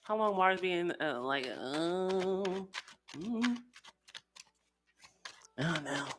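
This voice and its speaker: Low-voiced woman giving a casual tarot reading. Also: very slow, slight background noise. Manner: animated, talks in slang and acts out quoted voices. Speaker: tarot reader.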